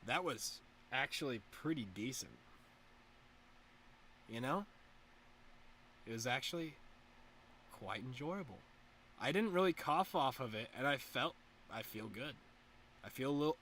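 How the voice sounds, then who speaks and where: A young man hosting a livestream, chatting casually and profanely while getting high, deliberately pushing his voice up into a head voice. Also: lively intonation, fairly bright tone, a little hiss or hum. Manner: profane, rambling, laid-back, deliberately pitched-up head voice. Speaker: livestream host. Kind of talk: casual stoner livestream chat.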